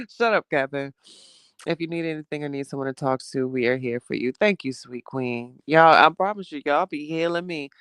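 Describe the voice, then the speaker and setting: A man from New Jersey chatting heartfelt and casual on a home live stream, reading out his chat and breaking into loud exclamations. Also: fairly high pitch, normal speed, clean tone, no room sound.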